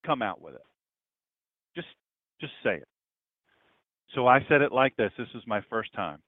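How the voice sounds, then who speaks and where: A pastor telling a story in a sermon, his voice swinging between loud stretches and hushed ones. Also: medium pitch, sing-song, normal speed, no room sound, phone-quality sound.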